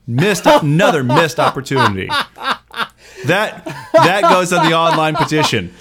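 An American man in his thirties co-hosting a laid-back film podcast. His voice sits a little high, and he slips dry jokes and teasing into animated rants. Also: a little slow, a loud crowd. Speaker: podcast co-host. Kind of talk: casual movie review chat.

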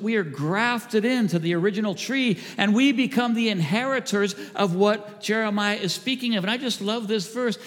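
An earnest male pastor delivers a sermon in a fairly high voice, often falling to a hush. His voice rings out with a long reverb through a church sanctuary. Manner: earnest, drops to a hushed voice for quoted lines.

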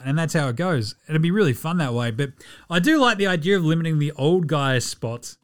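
A man's voice: fairly high pitch, lively intonation, brisk. Sweary Australian man, casual sports podcast. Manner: profane, ranting, laughs often. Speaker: podcast host.

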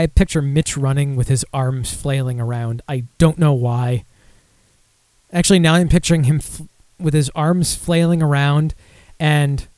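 A man's voice: a little high, a little mellow, no room sound. A young man hosting a casual podcast, rambling and self-deprecating with lots of fillers while running through beer news. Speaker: podcast host.

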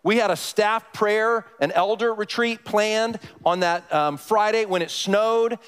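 Male pastor, high-ish voice, conversational sermon, long church reverb. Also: unhurried, a bit bright, clear, resonant tone. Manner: conversational, asks the congregation questions.

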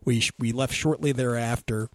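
A man's voice: medium pitch, moderate pace. A man telling a funny flying story in casual chat, acting out the people in it. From Alaska. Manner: animated storyteller, acting out quotes in raised voices.

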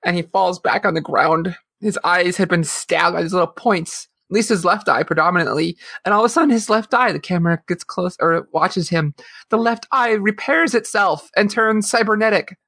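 A woman co-hosting a casual podcast discussion, retelling scenes in an animated way and acting out quotes. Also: on the low side, moderate pace, slightly rough. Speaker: podcast co-host.

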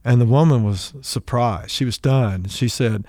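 A man's voice: mid-range voice, measured pace, few pauses, a little mellow, no room sound, studio quality. Folksy male preacher retelling a story.

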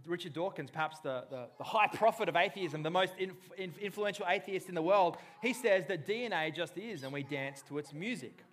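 Impassioned male preacher, fairly high voice. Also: a little fast, hardly any pauses. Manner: impassioned, swings from hushed to loud bursts. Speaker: pastor. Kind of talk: sermon.

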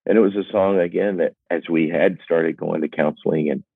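Low-voiced older man, phone-thin and dry. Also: fairly even intonation, vocal fry, slightly rough, no room sound. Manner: earnest and reflective, self-deprecating, halting restarts. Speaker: singer-songwriter guest. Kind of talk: candid personal storytelling. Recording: dry, phone-like narrow sound.

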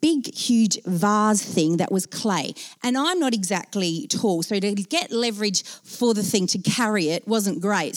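A woman telling a personal story to an audience, self-mocking and animated, acting out her own panic in quoted speech. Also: mid-range voice. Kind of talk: anecdote told to an audience.

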